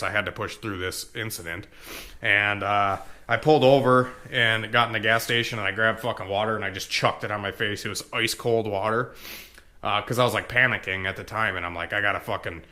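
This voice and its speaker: A man with a bright, sharp-edged voice talks in a loose, rambling vlog monologue. He is candid and profane, with plenty of fillers. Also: lowish voice. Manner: candid, heavy swearing, many fillers. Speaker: vlogger.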